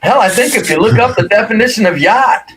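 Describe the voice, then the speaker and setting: A man's voice: high voice, expressive, a little fast. A man co-hosting a casual podcast chat, talking bluntly and profanely with firm opinions. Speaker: co-host. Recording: noisy audio.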